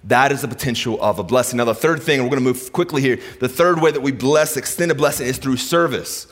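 A middle-aged man preaching a sermon, telling stories and moving from hushed lines to emphatic ones. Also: mid-range voice, quick pace. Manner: storytelling, swings from hushed to emphatic. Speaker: pastor.

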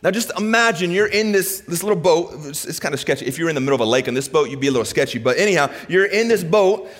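A middle-aged man preaching a sermon in a church, animated and conversational, swinging between loud excitement and hushed softness. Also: a little high, quick pace, big-room sound. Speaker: pastor. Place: church sanctuary.

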